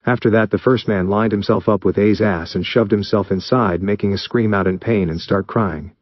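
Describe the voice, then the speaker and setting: A man narrating fan fiction aloud in a plain, steady reading voice. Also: fairly low pitch, normal speed, few pauses, no echo, dull audio.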